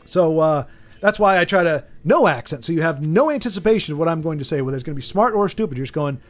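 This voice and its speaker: High-voiced rambling American streamer. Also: male voice, sing-song, quick pace, vocal fry, faint music behind. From United States. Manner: rambling, chatty, lots of restarts, reads chat aloud. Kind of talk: casual chat while gaming.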